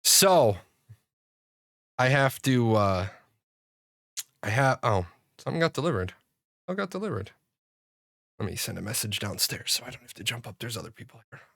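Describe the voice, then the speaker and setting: A man's voice: mid-range voice, lively intonation, moderate pace, gravelly, pauses often, fairly bright tone, dry recording, studio quality. A man streaming live, rambling and laughing at his own jokes in casual chat.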